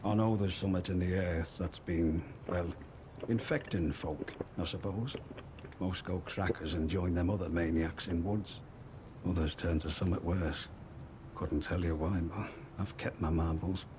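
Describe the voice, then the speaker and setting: A man's voice: sits low, fairly even intonation, moderate pace, a crowd in the background, close to an everyday voice. An actor playing a wary, chatty male woodland trader with a northern English accent touched by Liverpool. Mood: musing. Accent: northern English with Liverpool hints. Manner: folksy, wary, chatty storyteller.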